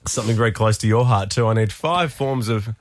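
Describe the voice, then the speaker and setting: A man's voice: lowish voice, a little fast, no echo, clean studio sound. An Australian man hosting breakfast radio, playful and teasing, laughing often. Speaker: radio host.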